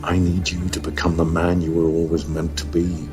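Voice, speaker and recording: An actor playing a cold, commanding aristocratic patriarch in a TV drama, speaking in a low, measured, authoritative way. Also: male voice, level tone, dark tone, faint music behind, close to an everyday voice. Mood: intense. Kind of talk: TV drama acting.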